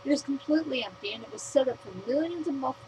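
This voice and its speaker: A woman's voice: sits high, lively intonation, quick pace, noisy background. An American woman vlogger reading her own written rant aloud, blunt, profane and outspoken.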